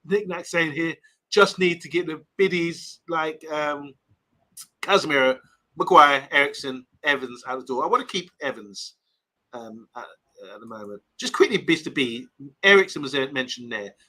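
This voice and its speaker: Bright-voiced chatty man. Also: fairly high pitch, moderate pace, rough recording. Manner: reads viewer comments aloud, chatty and rambling. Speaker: host. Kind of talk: casual live-stream chat.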